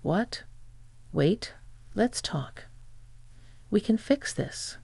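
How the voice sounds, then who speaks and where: Tts reader doing a callous old father-in-law, gravelly and low-key, flat delivery. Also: drawn-out words, dry recording, full character voice. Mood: pleading. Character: older father-in-law, callous then pleading.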